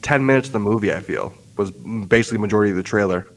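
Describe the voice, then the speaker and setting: A man's voice: lowish voice, expressive, racing, creaky. A man co-hosting a podcast in laid-back casual chat. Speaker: podcast co-host.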